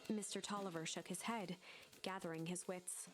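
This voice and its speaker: A woman streamer reading a visual novel aloud in hushed, whispered narration. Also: on the low side, fairly even intonation, moderate pace. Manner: hushed, breathy storytelling. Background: music.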